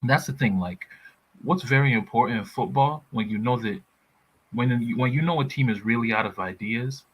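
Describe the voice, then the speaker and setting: A man's voice: medium pitch, normal speed, fairly bright tone, husky, low-quality recording. A man in a casual football chat, blunt and heated, swearing freely. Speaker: football pundit.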